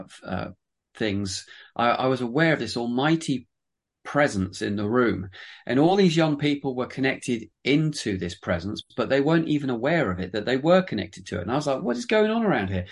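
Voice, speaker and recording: A man, a pastor and church planter, telling his life story in an interview in a rambling, self-deprecating way with many restarts. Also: medium pitch.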